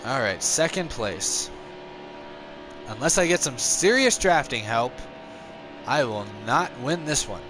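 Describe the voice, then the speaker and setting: A man's voice: takes it slowly, music in the background. A man streaming a racing game live, chatting casually with viewers and joking at his own expense. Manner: chatty and self-mocking, yelps high with excitement during racing.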